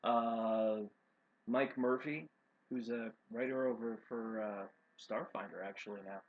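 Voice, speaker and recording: Easygoing, enthusiastic man co-host, mid-pitched, dull stream sound. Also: fairly even intonation, a little slow. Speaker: co-owner of a role-playing stream. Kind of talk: casual chat.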